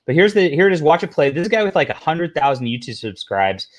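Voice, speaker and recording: A man's voice: a little high, big pitch swings, quick pace. A man hosting a casual livestream, rambling through commentary, reading posts aloud, talking to the chat and throwing in sarcastic asides. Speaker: livestream host.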